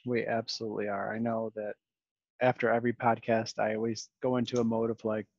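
A male podcast host talks casually and reflectively, with plenty of fillers and restarts. His voice is gravelly, heard in a dry, muffled, lo-fi recording. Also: lowish voice, flat delivery, a little fast, darkish tone, dry recording. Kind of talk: casual conversational interview.

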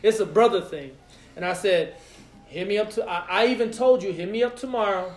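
Podcast host guy telling a wild story, high-pitched, echoey room. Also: fairly quick, soft background music. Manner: animated, profane, acts out quotes. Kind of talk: casual storytelling chat.

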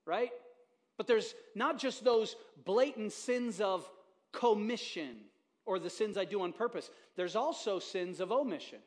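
A man's voice: high voice, unhurried. A man preaching a casual, joking sermon as pastor, chatting with the congregation from the stage. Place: church auditorium.

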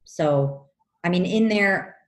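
A woman co-hosting a casual chat, telling a personal story in an animated, frank way and swearing freely. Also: fairly low pitch, slow pace, a little hiss or hum. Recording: roomy echo.

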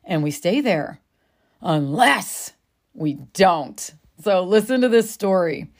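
A woman's voice: fairly low pitch, expressive, takes it slowly, darkish tone. A woman speaking as a self-help speaker, telling a personal story in a chatty, confiding way. She swears freely and calls the listener "friend.". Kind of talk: candid personal storytelling to camera.

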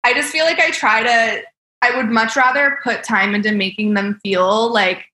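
A woman's voice: fairly high pitch, fairly even intonation, moderate pace, sharp tone. Bubbly young woman telling stories, roomy. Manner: bubbly, laughs often, heavy use of "like". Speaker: celebrity makeup artist guest. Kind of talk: casual podcast storytelling. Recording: roomy echo.

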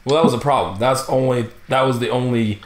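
A man co-hosting a podcast, chatting in a relaxed, easily amused way. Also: medium pitch, fairly quick, roomy sound, slight background noise. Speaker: podcast co-host. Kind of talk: casual chat.

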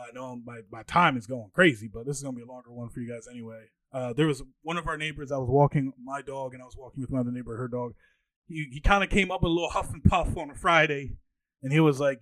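A man in his twenties hosting a podcast, telling stories in a casual, animated way and acting out what other people said. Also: no echo. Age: 20s. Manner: animated, acts out quoted people with jumps in pitch. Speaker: podcast host. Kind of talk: casual storytelling monologue.

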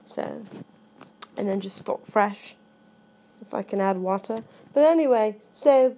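A woman's voice: mid-range voice, lively intonation, unhurried, pauses often, dark tone. A woman in a casual vlog, chatting and reading aloud from a daily recovery book, rambling with frequent self-corrections.

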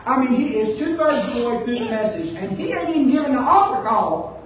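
A man preaching a sermon, animated and joking with his congregation. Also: very high-pitched, fairly quick, noisy background. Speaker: pastor. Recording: echoey room, distant mic.

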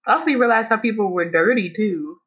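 A woman's voice: medium pitch, expressive, brisk, fairly bright tone, breathy edge. A woman co-hosting a podcast in casual chat, blunt and profane, laughing often. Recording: dull lo-fi recording.

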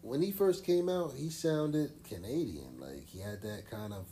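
A man's voice: mid-range voice, animated, unhurried, warm tone, slight background noise. A man co-hosting a podcast, talking in a laid-back, rambling way full of slang and fillers. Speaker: podcast co-host. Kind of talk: casual chat.

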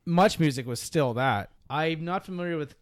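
A man's voice: a little high, moderate pace, no room sound. A man from Canada in casual chat, making pedantic points. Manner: pedantic, questioning. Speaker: podcast co-host.

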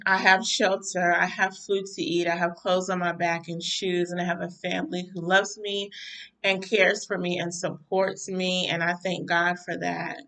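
A woman minister preaches a devotional talk to her listeners, piling up fervent, repeated phrases of praise. Her voice has a bright, forceful edge, though it carries a tired, worn-down weariness. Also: lowish voice, level tone, moderate pace, far from the mic, rough recording. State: mentally weary, tired-sounding voice. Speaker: minister and podcast host. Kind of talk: devotional talk to a live audience.

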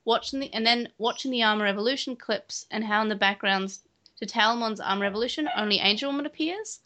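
Bright chatty woman co-host. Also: a little high, fast. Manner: chatty, rambling with restarts and fillers. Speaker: podcast co-host. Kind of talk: casual chat.

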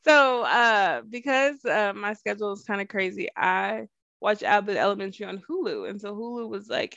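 A woman's voice: mid-range voice, lively intonation, moderate pace, gravelly, fairly bright tone, no room sound. Woman podcast co-host, casual and talkative, laughs a lot; dry, slightly muffled recording. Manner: chatty, laughs often, acts out quotes. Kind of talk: casual chat.

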